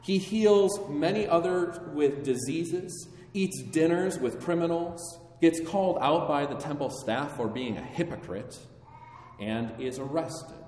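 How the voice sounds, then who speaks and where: A man delivers a sermon at an unhurried pace, solemn and measured, pressing harder on key phrases. His voice rings through a long-echoing church sanctuary. He stands back from a distant microphone, with a faint room hum behind him. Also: a little high, darkish tone. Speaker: preacher. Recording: echoey hall, voice from afar.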